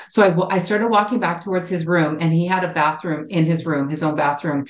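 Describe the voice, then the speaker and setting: A woman co-hosting a podcast as a relationship psychologist, telling an expressive personal story with many restarts. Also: on the low side, brisk, roomy sound. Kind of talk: casual podcast chat.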